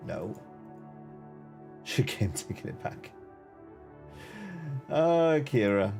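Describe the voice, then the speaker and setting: A man's voice: fairly low pitch, sing-song, very slow, gravelly, a little mellow, faint music behind. A man hosting a casual live game stream, greeting viewers, joking and reacting to chat. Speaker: gaming streamer.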